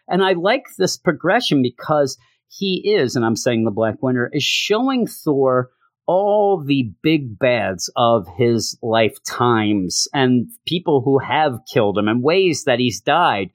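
A man's voice: mid-range voice, animated, slow pace, no echo, clean studio sound. A man casually reviewing a comic book, talking in a rambling, enthusiastic way with many fillers.

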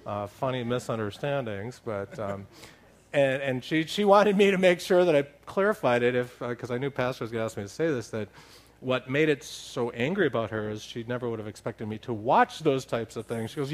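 Man telling a funny story from the pulpit. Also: mid-range voice. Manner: animated, laughing storyteller. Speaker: church leader sharing a story. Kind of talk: humorous storytelling in a sermon.

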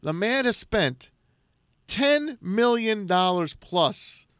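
A man's voice: high-pitched, expressive, slow pace, a bit bright, clean tone, no room sound. A man hosting a sports talk show in a studio, upbeat and welcoming. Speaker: podcast host.

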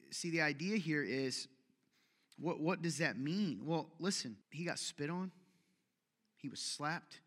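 A man preaching a sermon as pastor in a conversational, joking way, acting out quick quotes and asides. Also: on the high side, a bit bright, long reverb tail.

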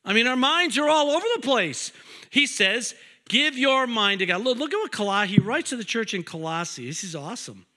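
A middle-aged male pastor preaching a sermon with dynamic swings between loud emphasis and hushed intensity, joking asides and repeated words. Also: very high voice, very animated, a little fast.

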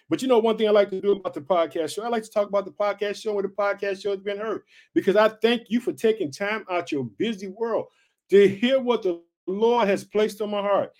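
Excited high-voiced male podcast preacher. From United States. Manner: excited, repeats "guess what" and "did you hear that". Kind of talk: energetic podcast sermon. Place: home podcast setup in Chicago.

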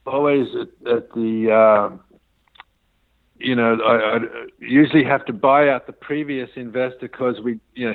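A man rambles through a business story as an interview guest, acting out the quoted dialogue. He talks in a middle register, and the sound is thin and phone-like with no room echo. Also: medium pitch. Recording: tinny dry phone line.

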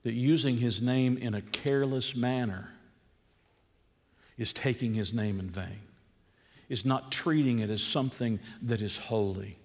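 A man's voice: medium pitch, a little slow, darkish tone, big-room sound. A man preaching a sermon as pastor, posing rhetorical questions to his listeners and building emphasis as he goes.

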